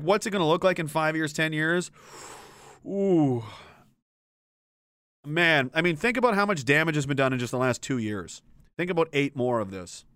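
A man's voice: fairly high pitch, a bit bright, clear, resonant tone, dry recording. A man giving ranting political commentary, sarcastic and exasperated, with swearing.

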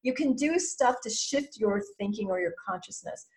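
A middle-aged woman speaks as a podcast guest, mid-pitched for a woman. She talks in an animated way, slipping into little quoted voices to show her point. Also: normal speed. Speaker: guest, mentor to business owners. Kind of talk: podcast interview.

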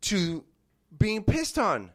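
Dude in his 30s ranting a story on a podcast, swears a lot, kinda high voice. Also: extremely slow. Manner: animated, profane, acts out quotes. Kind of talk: casual storytelling chat.

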